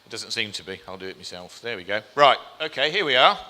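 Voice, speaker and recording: Man, very bright voice, chatty live slide talk, reverberant hall. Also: medium pitch, sing-song, quick pace. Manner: chatty, self-deprecating, asks the audience questions. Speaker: speaker giving a short slide talk. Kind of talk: live presentation to an audience. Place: event hall with a live audience.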